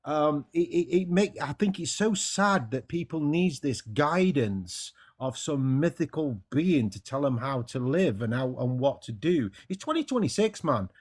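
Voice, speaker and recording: A man's voice: medium pitch, expressive, unhurried, hardly any pauses, darkish tone, husky. An English man debating as a caller, talking passionately and stumbling over repeated words. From England. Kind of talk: heated casual debate.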